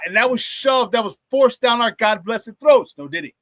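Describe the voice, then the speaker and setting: A man hosts a live sports talk stream, high-pitched and bright, talking bluntly and laughing at his own jokes. He is close to the mic in a dry room with no echo. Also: normal speed, hardly any pauses. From Chicago area.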